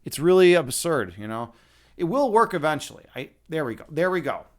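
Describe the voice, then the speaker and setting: A man's voice: a little high, very animated, brisk, a bit bright. A man hosting a casual livestream, rambling and chatting with viewers and swearing now and then. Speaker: livestream host.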